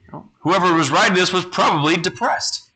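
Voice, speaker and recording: A man preaching a sermon, reading scripture aloud slowly and low, then explaining it in a conversational way. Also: pushed and bright, low-quality recording.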